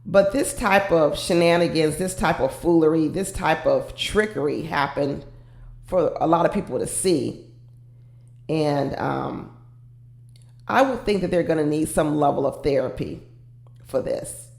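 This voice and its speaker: A woman's voice: deep voice, unhurried, gravelly, darkish tone, echoey room. A woman commenting casually and with firm opinions on a reality show, talking straight to her viewers.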